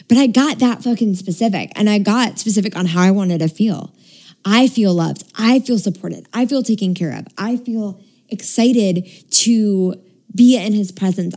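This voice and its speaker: A woman's voice: mid-range voice, mellow. A young adult woman, a spiritual coach, talking casually about setting intentions, chatty with frequent laughs and casual swearing.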